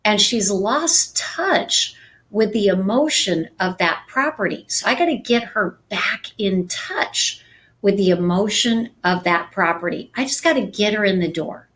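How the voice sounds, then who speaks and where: A woman real estate sales coach giving a calm, soft-spoken training talk on a live stream. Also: mid-range voice, unhurried.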